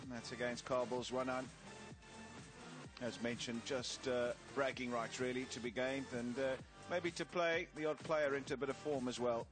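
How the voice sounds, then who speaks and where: A man presenting a cricket broadcast, talking casually with frequent fillers. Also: medium pitch. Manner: chatty, filler-heavy presenting. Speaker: cricket commentator. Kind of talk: broadcast sports commentary.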